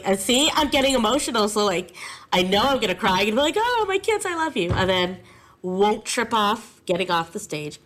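A woman music teacher talking casually and animatedly in an interview. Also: lowish voice. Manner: animated, chatty.

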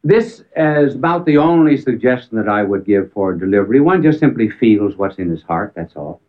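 A man's voice: lowish voice, lively intonation, moderate pace. Man telling stories over a tinny line. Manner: storytelling with emphatic rises and sudden drops to near silence. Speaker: speaker on public speaking. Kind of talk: anecdotal talk on public speaking. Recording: tinny phone-like band, old archive recording.

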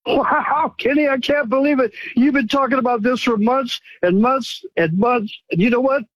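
A man's voice: very high voice, moderate pace, no room sound, low-quality recording. A middle-aged man calling in to a show, talking in an effusive, grateful, rambling way. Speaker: caller. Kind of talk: phone-in call.

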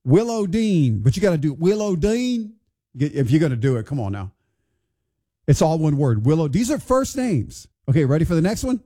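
A man's voice: a little high, big pitch swings, fairly quick, warm tone. A man hosting a morning radio show, chatting casually and wondering aloud in a bemused, conversational way. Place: radio studio.

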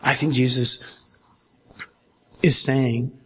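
A man's voice: mid-range voice, little pitch movement, drawn-out words, a bit bright, husky. A man preaching a verse-by-verse sermon as pastor, in a conversational way that keeps checking in with his listeners.

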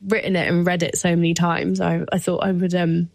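A woman in her thirties talks openly as a guest, her voice sitting on the low side. She drops in casual fillers, and the close recording has no room sound. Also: flat delivery, brisk, gravelly, a little mellow, no room sound. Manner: open and emotional, speaking with many "like" fillers. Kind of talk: candid personal conversation.

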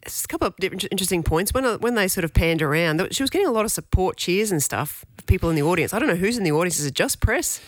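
A woman's voice: lowish voice, lively intonation, rapid-fire, hardly any pauses, no echo. A woman hosting a radio show, telling stories in a chatty, rambling way. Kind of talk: casual chat.

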